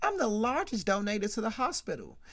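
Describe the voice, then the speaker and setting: Here is a man doing a swaggering, menacing loan shark, all brag and threat. His voice is pitched up, bright and sharp, and it swoops widely as he drawls his lines with mocking amusement. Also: wildly swooping pitch, brisk, heavily acted. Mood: smug. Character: flashy smooth-talking loan shark, cocky and menacing.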